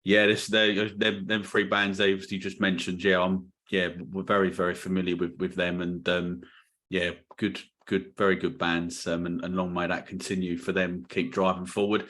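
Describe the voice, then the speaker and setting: A man's voice: low-pitched, level tone, moderate pace, fairly bright tone. A man hosting a casual music podcast interview, asking questions with many restarts and fillers. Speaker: podcast host.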